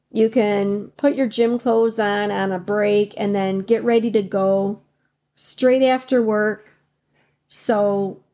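Woman, podcast host, encouraging self-help talk, gravelly fry, rhetorical questions, mid pitch. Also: warm tone. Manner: fillers and restarts, emotional at times.

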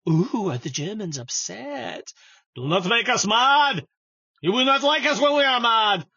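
A man putting on the voice of a sneering, pompous old villain who speaks with slow, gloating menace. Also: high-pitched, animated, sharp tone, breathy edge, no room sound, muffled recording, pitched above the performer's own voice, exaggerated voice.

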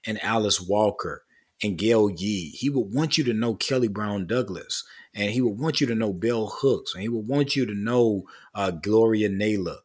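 A man's voice: lowish voice, moderate pace, a little mellow, husky. A man speaking as a guest author in a casual interview, earnest, building long lists with rising emphasis.

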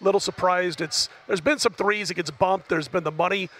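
A man giving analysis as a guest on a sports betting talk show, measured and analytical. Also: high-pitched, steady tone, a bit bright.

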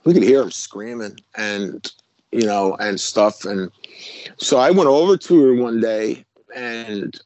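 A man's voice: on the low side, takes it slowly, darkish tone, dry recording, dull audio. A middle-aged man, a former police officer, telling stories as a guest in a casual conversation. He rambles, restarts his sentences and corrects himself as he goes.

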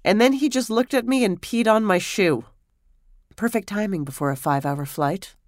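A woman hosting a podcast tells a personal story with wry, self-mocking humor. Her voice sits at an ordinary middle pitch, and it is recorded close and dry with no room sound. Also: moderate pace, no room sound. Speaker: podcast host. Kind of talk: storytelling monologue.

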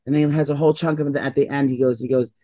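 A man's voice: medium pitch, steady tone, racing, warm tone, dry recording. A man co-hosting a casual chat podcast, rambling with lots of fillers and sounding just woken up. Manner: rambling, full of "like" and "um", sleepy and yawning. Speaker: podcast co-host.

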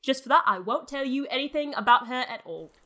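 A woman's voice: high voice, expressive, fairly quick, heavy background noise. A woman in a comedic audio drama who sounds indignant and defensive.

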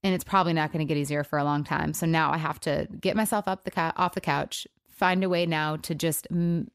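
A woman hosting her own podcast alone, speaking in an emotional, subdued way, halting, with many fillers and restarts. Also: deep voice, fairly even intonation, smooth, no room sound, clean studio sound. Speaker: podcast host. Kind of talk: personal solo podcast talk.

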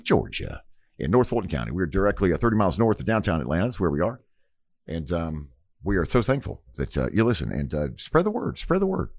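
A low-voiced man talks quickly on a radio podcast. His pitch swings widely as he rambles through sponsor reads full of fillers and restarts. The sound is close and dry. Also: dry recording. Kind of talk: casual banter with sponsor reads. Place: radio studio.

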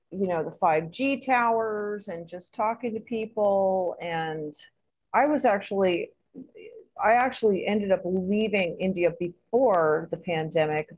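A woman's voice: lowish voice, darkish tone, low-quality recording. A woman recounts a story in a loose, conversational way. She laughs often and swears freely as she talks. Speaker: interview guest. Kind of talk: casual storytelling.

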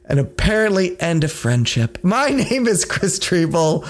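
A podcast co-host with a high-pitched, unhurried voice and big swings in pitch trades casual banter. Tired and joking, he swears freely and teases his partner.

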